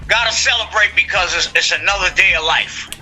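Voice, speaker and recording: A man in his fifties from the United States talks as a guest rapper in a loose, joking interview. He laughs often and boasts freely. His voice sits very high and sounds bright, with faint music underneath. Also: fairly quick, rough recording. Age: 50s. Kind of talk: casual interview chat.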